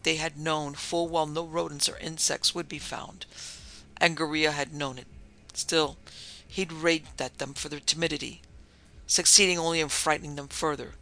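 Man reading a horror audiobook, measured and dramatic, kinda high and crackly, faint music under it. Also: steady tone, pushed and bright. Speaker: narrator.

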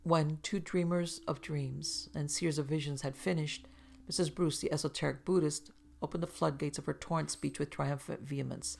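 A woman narrating a classic novel in a measured, even reading voice. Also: low voice, creaky. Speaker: audiobook narrator.

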